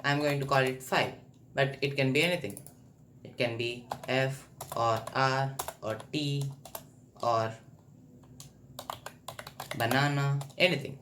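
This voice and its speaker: A man's voice: mid-range voice, fairly even intonation, a little slow, pauses often, fairly bright tone. A man teaching a screen-recorded coding tutorial, explaining step by step and thinking aloud as he types. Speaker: programming tutor. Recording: faint background noise.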